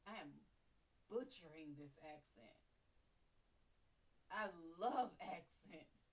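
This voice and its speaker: A woman hosting a casual live stream, chatting and reading a poem aloud with careful, deliberate pronunciation. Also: lowish voice, animated, slightly rough, rough recording.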